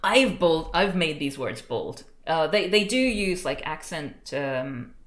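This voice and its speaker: A woman's voice: low-pitched, expressive, slow, fairly bright tone, roomy sound. A young woman chatting casually on a study stream, thinking aloud with lots of fillers. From Australia. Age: young adult.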